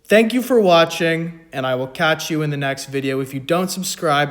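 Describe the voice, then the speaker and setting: A man's voice: fairly high pitch, normal speed, hardly any pauses. A man talking through an economics math problem in a casual lesson, with joking, self-mocking asides between steps. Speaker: economics video tutor. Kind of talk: casual spoken math walkthrough.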